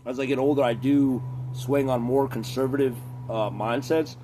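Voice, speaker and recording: A man's voice: mid-range voice, fairly even intonation, moderate pace, warm tone, slight background noise. A man in a casual, rambling vlog rant, profane and digressive, a few beers in. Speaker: vlogger.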